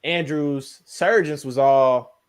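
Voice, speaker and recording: A young man, a podcast guest, telling a basketball injury story in casual, slangy, animated speech. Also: slow, clean tone. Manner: animated, slangy, sound words like "boom, bam".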